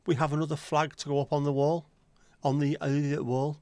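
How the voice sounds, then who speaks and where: A man's voice: fairly high pitch, little pitch movement, moderate pace, a little mellow, clean tone, dry recording. A man hosting a casual livestream, chatty and joking as he answers viewer comments. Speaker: livestream host.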